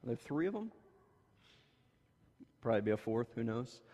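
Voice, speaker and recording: A man preaching a conversational sermon, telling stories casually and then pressing his points more loudly and emphatically. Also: medium pitch, very animated, moderate pace. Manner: casual storytelling that rises to emphatic, louder points. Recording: long reverb of a large hall.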